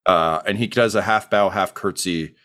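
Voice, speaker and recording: A game master narrating a tabletop session in a relaxed, meandering way. His voice is on the low side, and he leans on fillers as he describes the scene. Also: normal speed. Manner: casual, filler-heavy narration.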